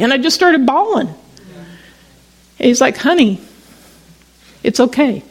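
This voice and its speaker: Middle-aged woman preacher, higher pitched, talking through a personal story in a loose, stop-start sermon style. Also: expressive, a little slow, pauses often, slightly rough, rough recording. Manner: conversational storytelling with frequent restarts. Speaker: pastor.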